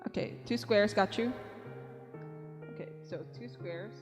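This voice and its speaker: A woman's voice: medium pitch, unhurried. A young woman art streamer chatting casually and cheerfully with her viewers, counting aloud as she draws and giggling often. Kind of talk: casual live-stream chat. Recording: long reverb, faint background music.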